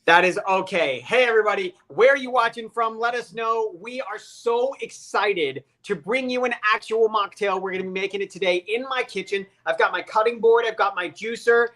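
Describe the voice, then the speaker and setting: A man hosting a casual live video chat, energetic, joking and emphatic. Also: sits high, fairly quick, hardly any pauses. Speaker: host.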